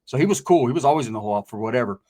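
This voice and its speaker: A man's voice: medium pitch, animated, very fast, mellow. A man telling stories in casual, slang-heavy talk, acting out what other people said. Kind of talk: casual storytelling.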